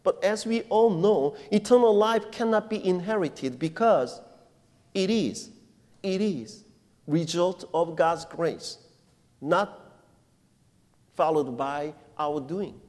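Recorded amid a church hall's long reverb, this sermon comes from a male pastor whose voice is high and a little mellow. His English phrasing is non-native, and he preaches with deliberate emphasis while asking his congregation questions.

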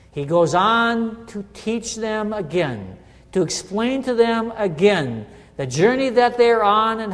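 This sermon has a relaxed, conversational feel, with the middle-aged pastor frequently turning to listeners with "right?" His voice is high-pitched, and the church sanctuary produces a big-room sound.

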